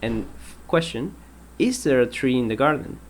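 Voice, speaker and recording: A man with a mid-range, animated voice teaches an English grammar lesson, patiently explaining and repeating example sentences while pausing with ums. There's slight background noise.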